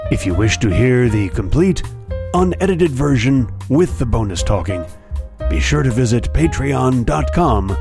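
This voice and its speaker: A man voicing a mock-solemn male podcast announcer with a slow, drawn-out, mock-formal delivery. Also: mid-range voice, pitched below the performer's own voice. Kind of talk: comedy podcast bit.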